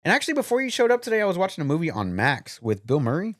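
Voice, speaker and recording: A man's voice: a little high, huge pitch swings, very fast, dry recording, studio quality. A man co-hosting a podcast in casual chat, rambling and swearing while he hunts for names. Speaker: podcast co-host.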